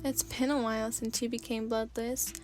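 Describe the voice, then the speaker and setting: A woman reading a mocking teenage girl who leads a gang. Her teasing lines come in the same gentle ASMR story voice, pitched fairly high. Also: level tone, moderate pace, soft background music, lightly acted. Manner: teasing, laughing.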